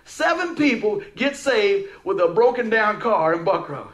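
High-voiced man preaching a folksy story. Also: moderate pace, few pauses. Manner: folksy, animated storytelling with asides to the crowd. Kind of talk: storytelling sermon.

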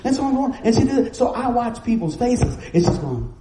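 A middle-aged man, preaching a sermon in a folksy, storytelling way with quick asides. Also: very high voice, big pitch swings, reverberant, heavy background noise. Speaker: pastor.

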